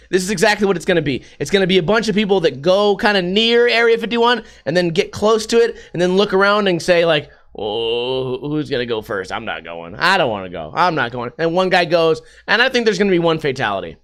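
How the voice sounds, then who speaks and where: A man's voice: high voice, fairly bright tone. A man hosting a podcast, rambling through a casual, sarcastic and profane monologue. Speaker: podcast host.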